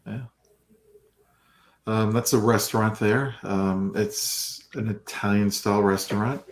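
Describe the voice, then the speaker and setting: A man's voice: fairly low pitch, steady tone, measured pace, echoey room, slight background noise. A man co-hosting a casual fan podcast, talking about the theme park with gushing enthusiasm. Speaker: podcast co-host. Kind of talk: casual chat.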